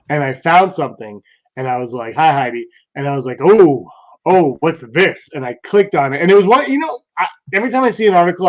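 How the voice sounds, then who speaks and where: A man co-hosting a podcast in casual, rambling chat, laughing a lot. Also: on the high side. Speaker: podcast co-host. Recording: dull lo-fi sound.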